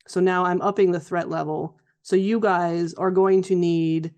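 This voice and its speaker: A woman's voice: fairly low pitch, steady tone, unhurried, hardly any pauses, darkish tone. A woman narrating as game master of a tabletop role-playing game, chatty and loose, with fillers and restarts.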